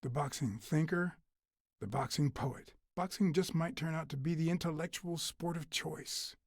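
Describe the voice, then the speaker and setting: A cool, probing male cat detective from a video game, talking in a husky, slightly raised voice. Every line comes calm and measured, weighing each question. The recording is close and dry, with no room sound. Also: fairly high pitch, dry recording.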